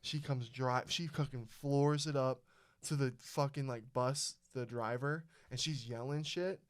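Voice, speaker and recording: A young man hosting a podcast, telling a story in casual chat, animated and swearing a lot. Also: mid-range voice, measured pace, clean tone. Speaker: podcast host.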